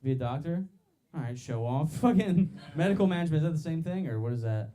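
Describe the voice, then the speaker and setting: Loud laughing stand-up comedian, mellow tone. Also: male voice, fairly high pitch, expressive, quick pace. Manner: loud, laughing, crowd work. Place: comedy club stage.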